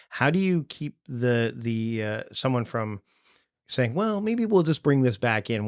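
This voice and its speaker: A man's voice: mid-range voice, no echo, clean studio sound. Thoughtful male podcast host asking questions. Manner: thoughtful, halting questions with restarts. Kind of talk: conversational interview.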